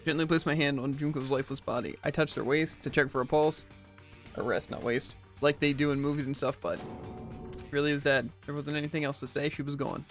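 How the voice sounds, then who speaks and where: Male streamer: rapid reader, voice sits a bit high, voices all characters himself, quips between lines, faint game music under him. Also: fairly even intonation. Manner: reads every character's lines himself, with jokey asides. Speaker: streamer reading a visual novel aloud. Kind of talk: let's play, reading game dialogue aloud.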